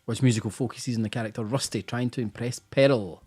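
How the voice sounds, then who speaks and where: A man's voice: mid-range voice, steady tone, fairly quick, a little mellow, husky. A Scottish man hosting a casual live-stream quiz, chatty and teasing, tired after a busy day, over faint music. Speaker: quiz host.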